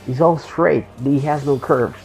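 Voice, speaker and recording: A man's voice: fairly high pitch, steady tone, unhurried, vocal fry, darkish tone, faint music behind, low-quality recording. A man streaming a game and telling rambling, joking anecdotes in a loose, profane, casual way. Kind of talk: casual storytelling while gaming.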